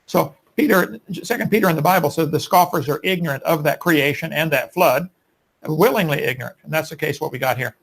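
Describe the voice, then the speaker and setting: A man's voice: on the high side, brisk, vocal fry, rough recording. A man answering in a live debate, preachy and emphatic, now and then restarting his sentences. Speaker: creationist debater.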